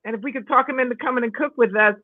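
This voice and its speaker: A woman's voice: on the high side, very fast, no room sound. Chatty New woman on a tinny line. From the Bronx, New York. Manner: chatty, wraps up segments. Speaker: co-host. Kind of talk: casual chat.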